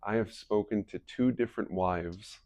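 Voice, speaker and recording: A man's voice: fairly low pitch, moderate pace, darkish tone, no room sound. A man giving a casual presentation to a small live audience, telling chatty stories and laughing at his own anecdotes. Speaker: wellness presenter.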